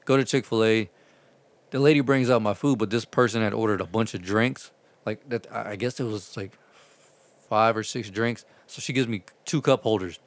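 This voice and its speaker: A man's voice: on the low side, moderate pace, no echo. A man telling rambling, profane stories about his delivery driving in a casual chat. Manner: profane, rambling, animated retelling.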